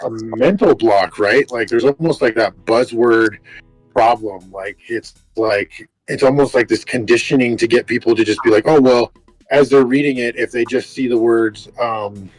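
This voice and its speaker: A man's voice: mid-range voice, moderate pace, dry recording, faint music behind, low-quality recording. Rambling man podcast co-host, dry sound. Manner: rambling, filler-heavy. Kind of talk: casual chat.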